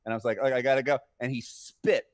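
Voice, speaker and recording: A man's voice: mid-range voice, quick pace, heavy background noise. A man co-hosting a casual stream, telling stories and acting out the people in them. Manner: animated, acts out voices in stories, swears casually. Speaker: podcast co-host. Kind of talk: casual chat, storytelling.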